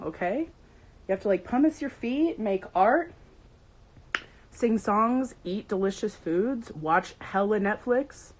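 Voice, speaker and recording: A woman's voice: medium pitch, animated, slow pace, rough recording. A young woman hosting a casual livestream, bubbly and playful, greeting viewers by name. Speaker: livestream host.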